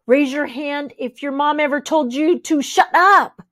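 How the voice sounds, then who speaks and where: A woman's voice: high voice, a little slow, fairly bright tone, no room sound, clean studio sound, voice pushed up. A woman voicing a goofy, cheerful little schoolboy who talks in a silly, playful way. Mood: goofy boy.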